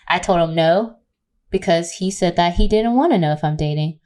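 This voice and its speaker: A woman guest on a podcast tells a story in loose, lively chat. She swears often and slips into mocking impressions of the people in the story. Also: on the low side, a little fast. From California. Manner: animated, profane, mocking impressions. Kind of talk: casual storytelling. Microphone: remote recording.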